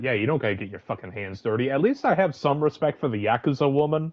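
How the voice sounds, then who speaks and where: Dude trashing a movie, blunt and sweary, dry jokes, muffled lo-fi mic. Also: male voice, mid-range voice, animated, fast talker, hardly any pauses, no echo. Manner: blunt, profane, wry. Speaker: co-host of a movie review show. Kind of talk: casual movie review chat. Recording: dull lo-fi sound.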